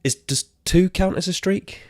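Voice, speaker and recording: A British man in his thirties hosting a casual solo gaming podcast from a quiet room at home, rambling and slightly out of breath. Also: sits high, unhurried, no room sound, studio quality. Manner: rambling, chatty, self-correcting asides. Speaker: podcast host.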